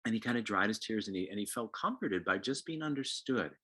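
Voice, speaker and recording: A man giving a lively talk on parenting, animated, acting out quotes and often repeating words. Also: lowish voice, brisk, slightly rough. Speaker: co-presenter on parenting.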